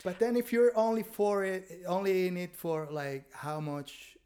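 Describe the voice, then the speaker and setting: A man's voice: high-pitched, steady tone, unhurried, a little mellow. A man chatting candidly on a podcast about his dating life, laughing often as he rambles through stories. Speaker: podcast guest, stand-up comedian. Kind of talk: casual chat. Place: Berlin.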